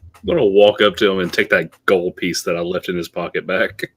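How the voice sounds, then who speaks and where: A man's voice: sits low, fairly even intonation, fairly quick, a bit bright. A man playing a tabletop game, laid-back and wry in how he talks. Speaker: player. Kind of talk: casual tabletop play.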